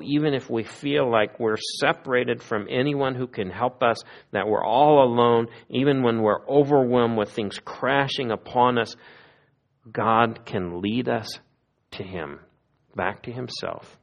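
A man preaching a sermon in an earnest way, his voice rising in emphatic pleas and dropping to hushed, prayerful lows. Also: lo-fi sound. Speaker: pastor.

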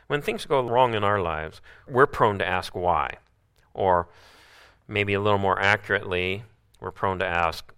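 A male preacher with a lowish voice that swings widely in pitch, delivering a sermon. His tone is bright and forceful, and he keeps asking his listeners rhetorical questions. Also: lively intonation, measured pace, clean tone.

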